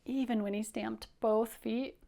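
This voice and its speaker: A woman teacher reading a picture book aloud to young children, animated and encouraging, inviting them to repeat lines. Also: on the high side, a little slow, creaky. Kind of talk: children's story read-aloud lesson.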